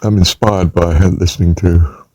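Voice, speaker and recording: A man's voice: low voice, fairly even intonation, moderate pace, dark tone, no echo. An older man giving an informal spelling lesson, rambling and musing aloud, drawing out words as he says them and adding chuckling asides. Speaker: teacher.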